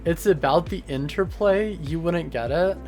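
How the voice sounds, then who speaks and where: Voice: medium pitch, measured pace, a little mellow, faint music behind. A streamer chatting casually with a live audience, goofy and rambling, with lots of fillers. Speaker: streamer answering chat. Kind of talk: casual livestream chat.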